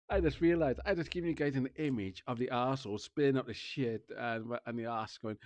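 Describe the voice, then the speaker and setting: A man's voice: mid-range voice, brisk, hardly any pauses, darkish tone, no echo. A man chatting casually to his viewers, rambling, repeating himself and laughing often. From Wales. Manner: rambling, repeats "you know what I mean", laughs often. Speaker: streamer and vlogger.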